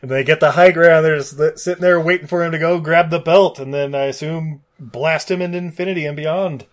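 A man with a slightly high voice tells a film's plot in a loose, rambling way. He swears freely and laughs often as he acts out the scenes. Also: fairly even intonation, a little fast. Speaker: podcast co-host recapping a film. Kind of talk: casual chat.

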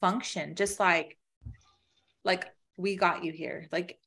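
Lowish-voiced mom rambling casually. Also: female voice, fairly even intonation, slow pace, pushed and bright, husky. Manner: rambling, lots of "like" fillers. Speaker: podcast co-host. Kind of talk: casual chat.

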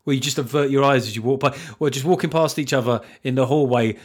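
A comedian reads out listener mail and reviews in a solo podcast monologue. He swears freely, speaks bluntly and keeps breaking into laughter. His voice sits at an ordinary middle pitch. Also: fast. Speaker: podcast host.

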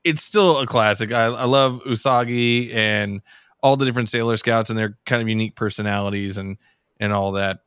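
Man, podcast co-host, rambling casual chat, mid pitch, dry close sound. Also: a little fast, smooth, no echo. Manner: rambling, restarts, goes high when excited.

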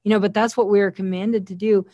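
A woman's voice: medium pitch, flat delivery, quick pace, warm tone, dry recording. A woman giving an earnest, heartfelt faith testimony as an interview guest, often quoting scripture. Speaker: guest sharing a personal testimony.

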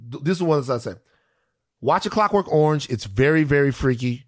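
A man's voice: mid-range voice, fairly quick. A man hosting a podcast in casual chat, ranting animatedly and swearing a lot. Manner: profane, animated ranting with repeated phrases. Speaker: podcast host.

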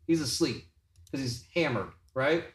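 A man's voice: medium pitch, unhurried, far from the mic. A young man hosting a podcast, telling a casual story with lots of swearing and acted-out voices of the people in it. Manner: animated, swearing, acts out quoted voices. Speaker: podcast host, tattoo artist. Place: tattoo shop room. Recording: roomy, off-mic sound.

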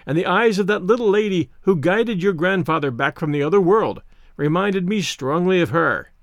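A man's voice: high-pitched, animated, normal speed, no echo, studio quality. A man voicing a wry adventurer who teases his friends in a mock-solemn way. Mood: teasing.

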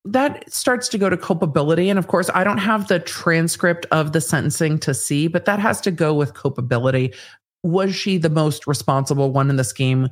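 A woman legal commentator giving analysis as an interview guest, measured and thinking aloud with fillers. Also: sits low.

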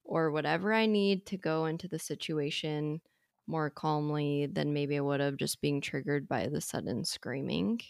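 A woman's voice: low voice, normal speed, gravelly, no room sound, clean studio sound. A woman co-hosting a parenting podcast, talking thoughtfully and hesitantly with many fillers. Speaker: podcast co-host. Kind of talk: casual parenting podcast chat.

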